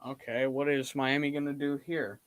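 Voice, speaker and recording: A man's voice: medium pitch, flat delivery, normal speed, smooth, dry recording. A man hosting a casual sports stream, laughing easily and reacting to plays as they happen. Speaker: stream host.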